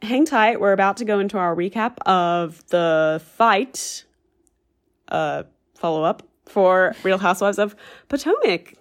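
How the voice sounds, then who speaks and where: A woman's voice: mid-range voice, animated, measured pace. A woman, co-hosting a podcast and gossiping enthusiastically in casual chat. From Australia. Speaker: podcast co-host.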